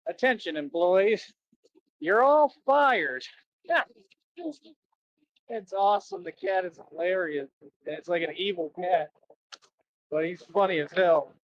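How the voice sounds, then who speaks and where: A fairly high-pitched man livestreams from outdoors near a road, heard through lo-fi sound with slight background noise. He chats casually and repetitively with viewers, asking for donations and saying "that's right" over and over.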